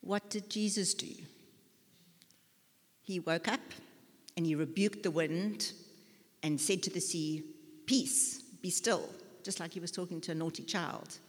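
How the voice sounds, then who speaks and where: A woman's voice: on the low side, steady tone, a little slow, pauses often. Chatty woman preaching in a reverberant hall. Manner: chatty, self-mocking, many fillers and restarts. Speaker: lay preacher. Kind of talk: conversational sermon with personal stories.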